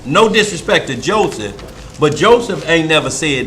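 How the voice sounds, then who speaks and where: Bright-voiced man leading Bible study. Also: on the high side, big pitch swings, a little slow, a little hiss or hum. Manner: emphatic, folksy, often asks if listeners follow. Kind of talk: informal preaching.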